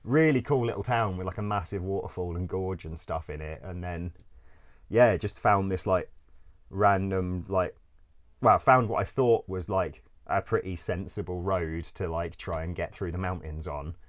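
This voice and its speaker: A man with a notably deep, low voice tells a story casually, as if chatting with a friend. He rambles, drops in plenty of fillers and swears freely. He laughs along at his own misadventures. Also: normal speed.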